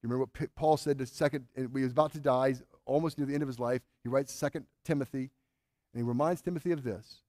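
A man's voice: medium pitch, fairly even intonation, quick pace, mellow, no echo, studio quality. A man preaching a sermon as pastor, earnest and emphatic, stressing key words and putting questions to his congregation. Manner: asks the congregation rhetorical questions.

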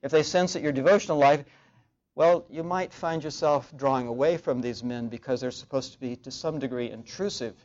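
A man preaching a sermon in a measured way, repeating key phrases for emphasis, on a dull lo-fi recording. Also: mid-range voice, a little mellow.

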